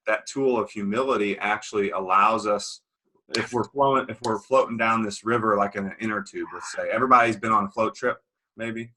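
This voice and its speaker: Low, forceful man sharing reflections. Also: fairly even intonation, brisk, slight background noise, low-quality recording. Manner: reflective, speaks from personal experience. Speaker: discussion participant. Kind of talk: live group discussion.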